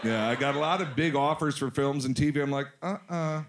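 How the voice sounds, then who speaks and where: A man's voice: medium pitch, fast, over a noisy crowd. A man in his forties, a guest telling stories in casual chat, joking and self-mocking. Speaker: podcast guest, actor.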